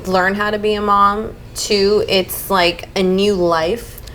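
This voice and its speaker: A woman's voice: medium pitch, flat delivery, slow pace, a bit bright, slight background noise, rough recording. Chatty young mother on a podcast. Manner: chatty, fillers, acts out her own past thoughts. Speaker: podcast co-host. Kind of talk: casual chat.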